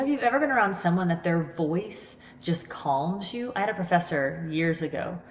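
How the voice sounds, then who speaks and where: A woman hosting a podcast, talking earnestly and a little ramblingly about staying calm in a crisis, recorded in her living room. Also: fairly low pitch. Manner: earnest, rambling, self-deprecating. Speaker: podcast host. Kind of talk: reflective motivational talk. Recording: echoey room with long reverb.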